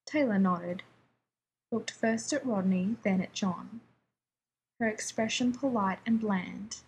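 Slow, calm woman narrator. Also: medium pitch, slight background noise, rough recording. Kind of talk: reading fan fiction aloud.

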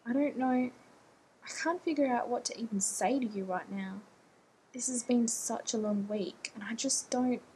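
A woman's voice: on the high side, moderate pace, warm tone, slight background noise, lightly acted, poor audio. A woman reading an audiobook voices a tired, exasperated man who speaks bluntly. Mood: weary. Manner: weary, blunt.

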